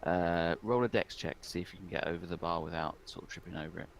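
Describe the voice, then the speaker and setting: A man's voice: sits low, quick pace, creaky, slight background noise, rough recording. A man narrating a tabletop game as game master, descriptive and hesitant with ums.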